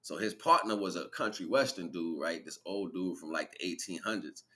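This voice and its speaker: Low-voiced man rambling on a stream. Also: normal speed, sharp tone. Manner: rambling, slangy, laughs while retelling. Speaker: livestream host. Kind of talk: casual spiritual monologue.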